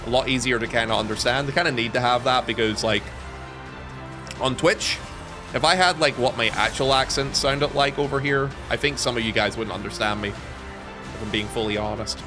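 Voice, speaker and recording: A young man from Northern Ireland with a softened Northern Irish accent, chatting and joking casually with his stream viewers. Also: mid-range voice, moderate pace, music in the background.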